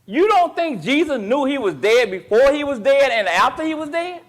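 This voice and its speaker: A man with a very high-pitched voice leads a Bible class at a moderate pace, using call-and-response questions to quiz students. His retelling of the story is casual and animated.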